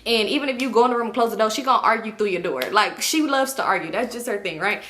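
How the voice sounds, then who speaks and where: A woman telling a story on her vlog in a casual, animated way, swearing freely and laughing often. Her voice is bright and forceful and sits a little high. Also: quick pace, slight background noise. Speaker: vlogger.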